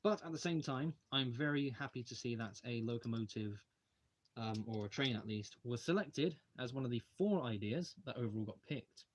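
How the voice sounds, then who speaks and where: A young man hosts a casual livestream of a brick-model build from his home hobby room, rambling as he takes models apart at his desk and reads out viewer questions. His medium-pitched voice is expressive and moderately paced.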